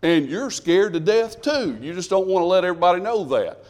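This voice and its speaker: Pastor guy, kinda high voice, just chatting through a sermon and asking the folks stuff. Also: very animated, a little fast, darkish tone. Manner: conversational, asks the congregation questions.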